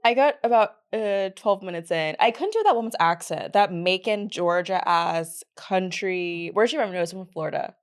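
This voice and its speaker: Brief: sardonic woman co-host, dry wit, mid pitch. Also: animated, moderate pace, few pauses. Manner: wry, sardonic. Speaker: podcast co-host. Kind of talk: casual pop culture chat.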